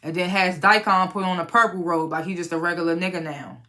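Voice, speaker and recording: A woman's voice: lowish voice, fairly even intonation, fast talker, bright, forceful tone. A woman hosting her own review channel, recapping a TV episode in a casual, profane way and acting out the characters' lines as she goes.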